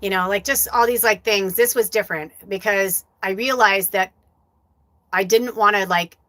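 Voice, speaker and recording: A woman hosts her live show as a psychic medium, in an easy conversational voice pitched in the middle of her range. She tells a story candidly and energetically, with frequent swearing. The recording is dry and close, with no room echo. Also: normal speed. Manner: candid, profane, animated storytelling. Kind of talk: casual livestream talk.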